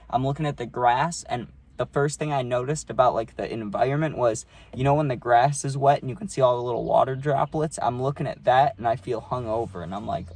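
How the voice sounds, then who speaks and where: A man's voice: mid-range voice, brisk, hardly any pauses, darkish tone. A young man vlogging a casual storytime, rambling and swearing, with many fillers.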